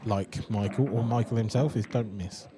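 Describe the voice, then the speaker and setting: A man provides expert commentary on a live pool match, walking through cue-ball control and shot choices. His voice sits somewhat low. The stream audio has a clear background hiss and occasional clicks. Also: fairly even intonation, moderate pace. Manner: analytical, explains shots and positional play.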